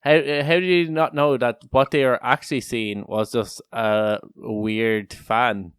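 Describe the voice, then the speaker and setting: A man's voice: medium pitch, steady tone, unhurried, fairly bright tone, clean tone, no echo, studio quality. Joking, rambling podcast man. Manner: joking, rambling, swears freely. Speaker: podcast co-host. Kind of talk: casual chat.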